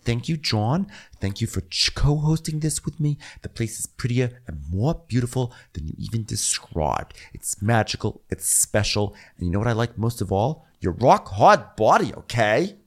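A man's voice: fairly low pitch, big pitch swings, quick pace, hardly any pauses, darkish tone, breathy edge, exaggerated voice. A man camping up a flirty woman hostess. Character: flirty, grandstanding woman hostess giving a toast.

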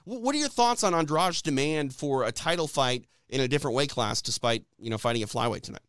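A man's voice: medium pitch, expressive, fast, fairly bright tone, smooth, no room sound, clean studio sound. A man hosting a casual sports talk show, breaking down fight results with lots of "uh" and "you know" fillers. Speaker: podcast host.

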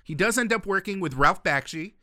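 A male podcast co-host in opinionated, animated casual chat, quick with asides. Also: sits high, no echo, studio quality.

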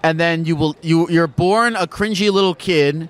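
A man with a slightly high voice runs casual street interviews. He rambles loosely and swears freely between questions. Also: normal speed. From United States. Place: city street outdoors.

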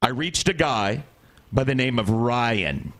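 A man's voice: mid-range voice, very animated, slow pace, fairly bright tone. Exasperated man telling a long story. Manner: rambling, exasperated, acts out quoted people. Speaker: podcast co-host. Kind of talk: casual storytelling chat.

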